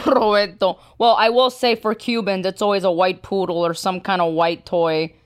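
A woman co-hosting a casual podcast chat, relaxed, dropping in Spanish words and laughing easily. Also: medium pitch, moderate pace. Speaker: podcast co-host.

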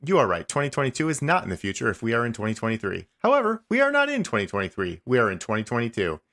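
Guy doing a smug passive-aggressive chatbot, talks fast, insists it's always right. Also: mid-range voice. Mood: insistent. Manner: insistent, repetitive, ends lines with flat "smiley face". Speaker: podcast host. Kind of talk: comedic dramatic reading of a chat log.

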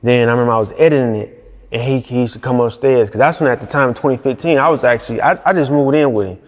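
A music video director from Detroit, USA, tells stories in a casual interview, laid-back and slangy, with lots of fillers and laughter. His medium-pitched voice moves fast and trails a long reverb.

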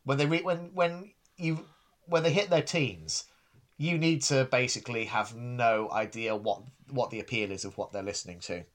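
A man's voice: mid-range voice, normal speed. A man co-hosting a podcast in casual chat, dry and self-deprecating, often restarting his sentences. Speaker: podcast co-host.

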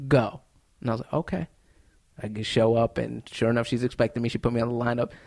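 Man telling animated stories. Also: medium pitch, fast, gravelly. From United States. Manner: animated anecdotes with laughs. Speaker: stand-up comedian guest. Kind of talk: casual interview storytelling.

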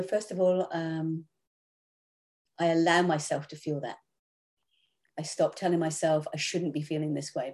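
A woman's voice: low voice, vocal fry, dark tone. A woman in her sixties, a guest on a podcast, speaking frankly and swearing freely as she talks about her own hard times. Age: 60s. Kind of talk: candid conversational interview.

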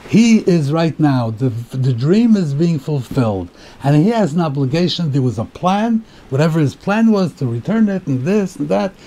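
A male rabbi delivers a casual spoken Torah lesson, his voice sitting a little high yet soft and warm in tone. He explains as he goes, doubling back on words and rising in energy when he makes his point. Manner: conversational, thinks aloud, repeats words and gets excited when making a point. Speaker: rabbi giving a weekly Torah class. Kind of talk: informal spoken Torah lecture.

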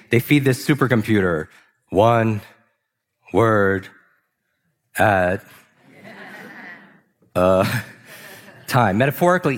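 A man giving an energetic motivational talk on a large stage, asking the audience questions and slowing down for emphasis. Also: medium pitch. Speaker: speaker. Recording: long hall reverb.

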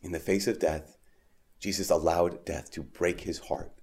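A man preaching a homily at Mass in a conversational way, with frequent "like" and restarts, rising for emphasis and dropping soft on key lines. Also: sits low, fairly even intonation, moderate pace, creaky.

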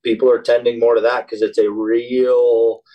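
A man's voice: mid-range voice, level tone, normal speed, highs cut off. A man, a former special operations soldier, talking casually as a podcast guest, hesitant and repeating words as he thinks. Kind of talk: casual interview chat.

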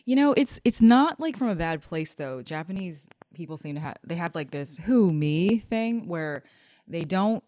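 A woman in a casual discussion, chatty and relaxed, with lots of fillers. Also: lowish voice, normal speed, no room sound.

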